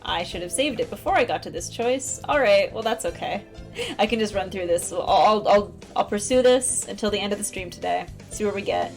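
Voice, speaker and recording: A woman with a gravelly, medium-pitched voice speaks briskly while streaming a video game, chatting casually and reading the game text aloud, with faint music behind her.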